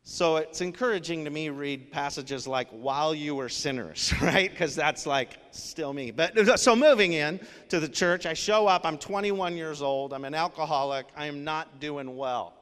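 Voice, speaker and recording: A man's voice: a little high, moderate pace, few pauses, a bit bright, smooth. A male pastor preaching a sermon in an earnest, conversational way, with casual fillers. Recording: long hall reverb.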